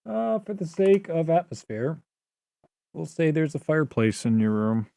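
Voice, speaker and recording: A man's voice: fairly high pitch, big pitch swings, moderate pace, creaky, mellow, no room sound. A man running a tabletop game as game master, casual and profane, with many fillers.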